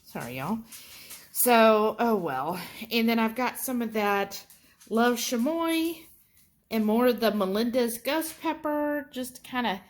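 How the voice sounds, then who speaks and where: A woman, chatting casually to her viewers in a food vlog at home. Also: fairly high pitch. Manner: chatty, folksy, warmly addresses viewers as y'all. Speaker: keto food vlogger.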